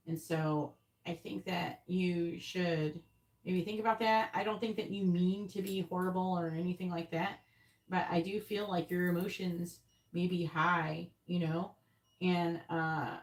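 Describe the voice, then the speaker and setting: A woman's voice: medium pitch, distant mic. A woman hosting a tarot live stream, bluntly scolding a viewer in chat with plenty of swearing. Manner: exasperated, scolding, blunt and profane. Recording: roomy echo, off mic.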